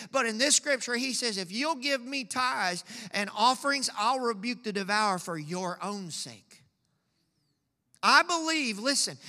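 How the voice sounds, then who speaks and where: A man's voice: very high voice, pushed and bright, long reverb tail. A male pastor preaching a sermon in a church, reading scripture and calling out to the congregation with growing fervor. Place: church sanctuary.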